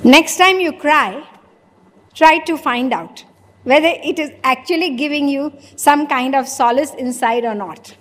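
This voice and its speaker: A woman's voice: high voice, a little slow. A woman with an Indian English accent giving a spiritual discourse, asking her listeners questions and acting out both sides of small dialogues. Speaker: spiritual teacher. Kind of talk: religious discourse. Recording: long hall reverb.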